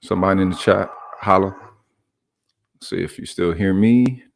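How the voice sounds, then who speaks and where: Laid-back, low-voiced livestream host. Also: male voice, moderate pace, gravelly. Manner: laid-back, drawn out, keeps saying "you know what I'm saying". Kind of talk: casual chat.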